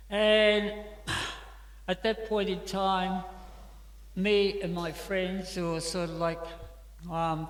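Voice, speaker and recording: High-voiced Australian man telling stories. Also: a bit bright. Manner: chatty, anecdotal, many fillers. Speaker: class speaker. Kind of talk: storytelling scripture class. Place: temple hall. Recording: echoey temple hall.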